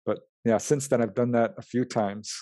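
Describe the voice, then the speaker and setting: A man's voice: medium pitch, moderate pace, no echo. Guy telling his out-of-body stories in a podcast chat, acts out the voices, dry close mic. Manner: animated, acts out quoted dialogue with laughs. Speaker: guest, UFO researcher and writer. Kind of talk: storytelling in an interview.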